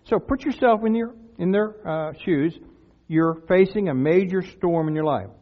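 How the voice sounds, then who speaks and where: An older man preaching a sermon in a church, earnest and conversational, rising to loud cries when he voices prayers. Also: high-pitched, normal speed. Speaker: pastor. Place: church sanctuary. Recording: tinny lo-fi sound with long church reverb.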